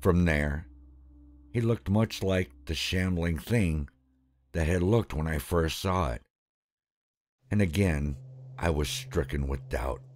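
A man narrating a first-person horror story, halting and breaking off mid-sentence. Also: deep voice. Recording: background music under voice.

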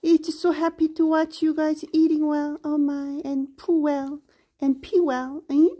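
Slow, high-pitched cooing woman. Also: flat delivery, warm tone. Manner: gushing, sing-song cooing at dogs. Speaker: pet owner vlogger. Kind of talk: baby-talk to pets.

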